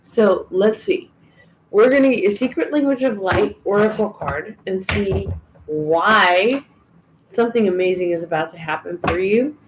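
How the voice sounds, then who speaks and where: A woman's voice: mid-range voice, measured pace, noisy background. A woman giving a live tarot and oracle card reading, chatty and reassuring, with frequent ums and restarts. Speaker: tarot reader.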